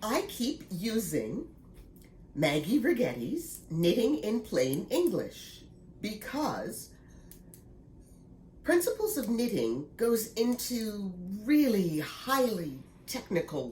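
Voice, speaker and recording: A woman's voice: medium pitch, very animated, slow pace, darkish tone. A woman in her sixties, slightly congested, chatting casually and laughing easily in a knitting vlog. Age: 60s. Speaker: knitting vlogger. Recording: echoey room with faint noise.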